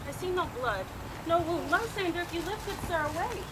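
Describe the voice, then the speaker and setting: A woman's voice: very high-pitched, lively intonation, fairly quick. A woman playing a lovesick, spurned young woman in a stage play, speaking in pleading, emotional verse. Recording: outdoor recording with loud noise.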